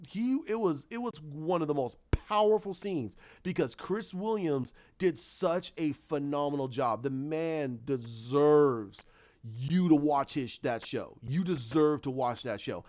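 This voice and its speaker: A man casually breaking down a TV episode as a fan, excitable and acting out the characters' lines. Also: fairly high pitch, slow, muffled recording. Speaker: TV show reviewer.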